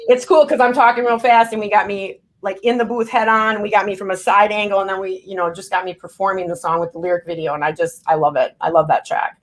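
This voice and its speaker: A woman's voice: medium pitch, steady tone, fast talker, hardly any pauses. A woman in her thirties chatting as a guest rapper, telling stories animatedly, acting out quotes and swearing freely. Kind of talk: casual chat.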